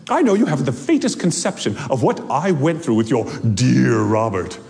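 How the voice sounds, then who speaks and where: A man's voice: medium pitch, very animated, normal speed, creaky, darkish tone, voice pushed down. A man voicing a bitter, possessive woman ghost, ranting and demanding, in a reverberant hall. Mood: indignant rant.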